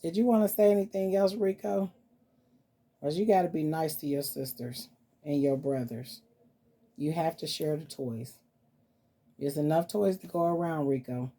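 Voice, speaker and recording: A woman's voice: low-pitched, moderate pace, long pauses, mellow. A woman vlogger chatting casually and cooing to her dolls as she shows them off. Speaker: vlogger showing reborn dolls. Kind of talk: casual vlog chat.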